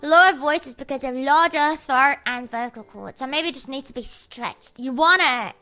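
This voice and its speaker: A woman's voice: sits high, normal speed, hardly any pauses, bright, forceful tone, faint music behind. A young woman chatting on a livestream, playful and exaggerated, swearing freely. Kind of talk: casual stream chat.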